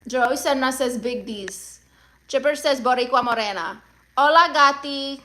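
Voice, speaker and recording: A woman with Spanish-accented English hosts a livestream, reading viewers' chat messages aloud. Her voice sits high and sounds bright and sharp. She is sassy and teasing, and playfully demands tips and payments. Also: a little slow. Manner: sassy, mock-demanding, greets viewers by name. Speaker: livestream comedian.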